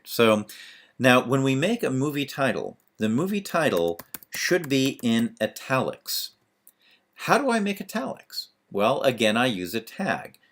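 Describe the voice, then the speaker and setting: A man's voice: on the low side, a bit bright, a little hiss or hum. A man teaching a screencast lesson on web pages, talking through each step as he types, with fillers. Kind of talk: screencast tutorial.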